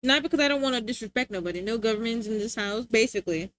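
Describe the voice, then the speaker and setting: A woman's voice: on the high side, lively intonation, fast, no echo, studio quality. A young woman streamer chatting casually, rambling and laughing often.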